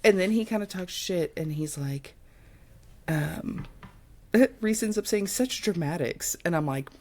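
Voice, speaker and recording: A young adult woman co-hosting a book podcast, chatting casually and acting out characters in quick quotes as she retells the story. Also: on the low side, darkish tone. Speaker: podcast co-host.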